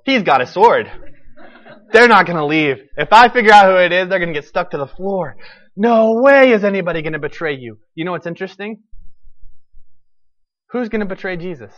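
A male pastor preaching with animated storytelling and a fairly high voice. He acts out the lines of the people in his story. The sound is dull and slightly lo-fi. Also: brisk, long pauses. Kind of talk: sermon.

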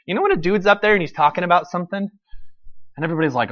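A male pastor preaching with animated storytelling and a fairly high voice. He acts out the lines of the people in his story. The sound is dull and slightly lo-fi. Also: very fast. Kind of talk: sermon.

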